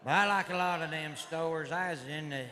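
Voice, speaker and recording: In a live hall recording thick with crowd noise and laughter, a middle-aged Southern US man performs stand-up on a comedy club stage. Speaking at normal speed in a slightly high voice, he rambles in a rowdy redneck drawl and shouts his punchlines.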